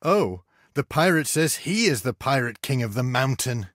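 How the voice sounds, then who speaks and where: A man's voice: medium pitch, lively intonation, normal speed, fairly bright tone, no room sound, clean studio sound. A man narrating a children's educational game in a cheerful, encouraging way, speaking to the child. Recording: noisy game audio.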